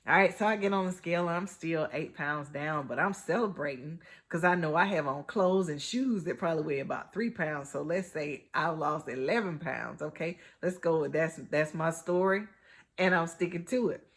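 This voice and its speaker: A woman's voice: deep voice, moderate pace. A woman hosting a podcast, telling a personal story in a chatty, conversational way, with wry humor and lots of "you know". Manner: animated retelling with wry humor. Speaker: podcast host.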